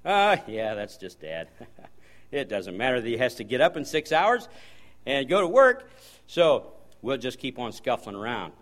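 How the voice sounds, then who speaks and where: A man preaching as a guest preacher, folksy storytelling with sudden loud bursts. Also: medium pitch, sing-song, normal speed. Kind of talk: sermon.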